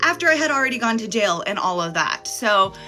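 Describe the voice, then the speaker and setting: A woman's voice: mid-range voice, big pitch swings, a little fast, pushed and bright. A young woman telling a casual storytime vlog story, candid and chatty, swearing freely. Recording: faint music behind.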